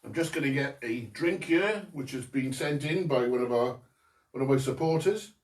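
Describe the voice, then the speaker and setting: A man's voice: medium pitch, expressive, moderate pace. A man hosting a home quiz, reading each question twice with jokey asides. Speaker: quiz host. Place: home during lockdown. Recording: roomy, mic set at a distance.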